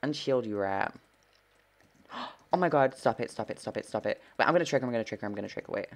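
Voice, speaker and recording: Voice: mid-range voice, lively intonation, fast talker. A gameplay streamer giving live commentary, full of sassy trash talk, swearing and dramatic gasps.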